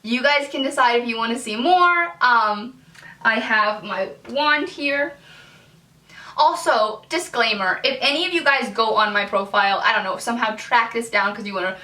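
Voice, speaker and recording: A young American woman, chatty and self-mocking as she reads out her old writing. Her voice is bright and fairly high. The room has a noticeable echo, and she sits a little back from the mic. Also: distant mic. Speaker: YouTube host. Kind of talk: reading her old fanfiction aloud with comments.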